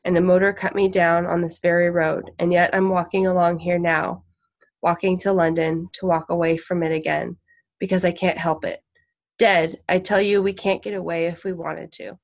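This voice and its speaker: Husky frail road boy, streetwise and fierce, put on by a woman reader. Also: on the low side, fairly even intonation, normal speed. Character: frail, husky eighteen-year-old road boy, tough and fatalistic.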